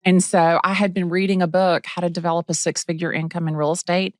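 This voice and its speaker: A middle-aged woman from the Atlanta area, a real estate agent telling her story in a casual interview, bubbly and animated, acting out quotes. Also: fairly low pitch, fast, no echo, studio quality.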